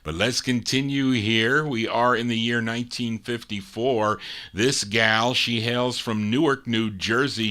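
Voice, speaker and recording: A man's voice: medium pitch, bright, forceful tone. A man hosting a live record show, introducing old records in casual, chatty DJ patter addressed to his listeners. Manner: chatty, folksy, talks straight to the listeners. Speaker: radio-style record show host.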